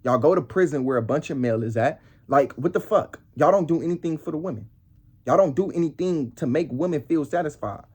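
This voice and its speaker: A man's voice: on the high side, brisk, darkish tone, breathy edge. A young man vlogging a heated, casual story in street slang, ending lines with "bro" and "nigga".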